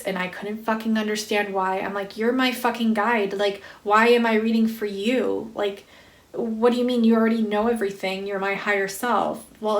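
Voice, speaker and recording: A woman giving a spiritual tarot reading, reading card text slowly and reverently, then talking in an excited, emphatic way with a lot of swearing. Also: a little high. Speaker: tarot reader. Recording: echoey room.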